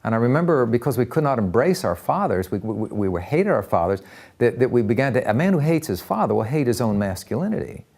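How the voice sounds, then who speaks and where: An older man telling personal stories in an interview, animated, acting out voices and often repeating words as he talks. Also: mid-range voice, fast talker. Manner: lively, acts out voices in anecdotes, repeats words. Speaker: interviewee, counselor.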